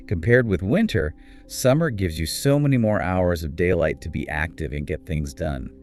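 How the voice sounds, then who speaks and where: A man co-hosting a scripted English speaking lesson, with clear, encouraging teacher delivery. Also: sits low, expressive, normal speed, a little mellow, faint music behind. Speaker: co-host of an English speaking course.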